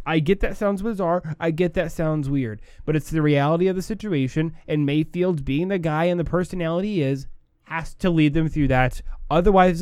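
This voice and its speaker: A man's voice: on the high side, darkish tone, clean tone, dry recording, clean studio sound. A man hosting a sports talk show, giving opinionated commentary and repeating his points for emphasis.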